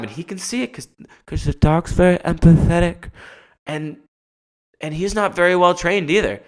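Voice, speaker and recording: A man's voice: a little high, normal speed. A man hosting a podcast, riffing through a rambling comic monologue with casual swearing. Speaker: podcast host.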